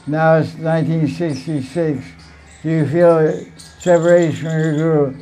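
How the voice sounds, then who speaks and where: A man teaching a devotional class, retelling stories in an animated way, repeating phrases and laughing now and then. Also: fairly high pitch, moderate pace. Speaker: spiritual teacher.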